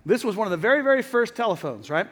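A middle-aged man preaching a sermon to a hall audience, chatty and lively, often asking the crowd questions. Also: high voice, very fast. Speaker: pastor. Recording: long hall reverb.

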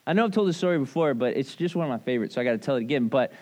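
A man preaching a casual sermon, talking to a congregation in a loose, animated way full of asides and questions. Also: mid-range voice, very fast. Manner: conversational, animated, lots of "like" and "right?". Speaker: pastor. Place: church service.

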